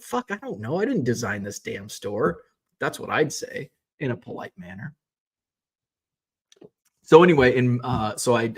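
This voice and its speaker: A man talks off the cuff from behind the wheel, rambling from one complaint to the next. He swears freely and sounds exasperated as he vents. His pitch sits in an ordinary middle range. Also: breathy edge. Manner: rambling, profane, exasperated ranting. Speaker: vlog host. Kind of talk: casual rambling monologue.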